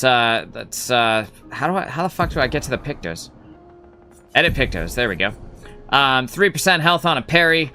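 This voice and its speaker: A man's voice: medium pitch, sharp tone. A man streaming a game live, rambling casually as he thinks aloud and swears now and then. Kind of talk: casual gameplay commentary.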